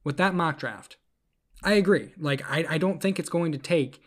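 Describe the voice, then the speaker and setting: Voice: mid-range voice, moderate pace. A podcast co-host in casual sports chat, earnest and questioning.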